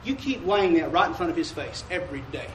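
A high-pitched male pastor delivers a homey sermon, pausing often to draw "Amen" from the congregation. His voice echoes around a church sanctuary, heard from a little way off the mic. A faint room hum runs underneath. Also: sing-song, a bit bright, distant mic. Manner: preaching call-and-response, asking "Amen?"; drawls mock King James commandments slowly.

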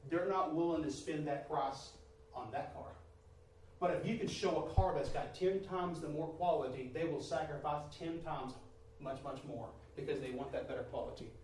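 Man, fairly high voice, sermon testimony, emphatic, very echoey hall, mic far off, faint noise. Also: moderate pace. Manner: emphatic, swings from quiet to near-shouting; addresses listeners as brother and sister. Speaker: preacher giving testimony.

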